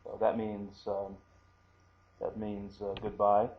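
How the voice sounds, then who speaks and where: A man teaching a language lesson, talking slowly and haltingly with many fillers and repeating words for pronunciation. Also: lowish voice, monotone, dull audio. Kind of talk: screen-recorded language lesson.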